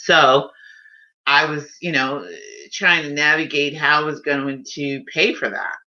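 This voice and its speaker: A woman's voice: sits low, steady tone, a little slow, pushed and bright. A woman hosting a casual live stream, telling a personal story in an emotional, heartfelt way. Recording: dull lo-fi stream audio.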